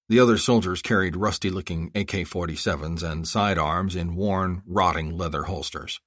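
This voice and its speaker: Low-voiced man narrating an audiobook. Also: moderate pace, few pauses, fairly bright tone, dry recording, studio quality. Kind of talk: scripted narration.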